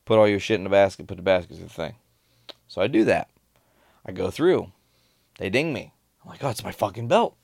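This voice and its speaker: A man's voice: sits low, fairly quick, vocal fry, long pauses, no echo, studio quality. A man in casual chat, telling stories with a lot of swearing and laughter. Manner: swearing, animated storyteller with laughs.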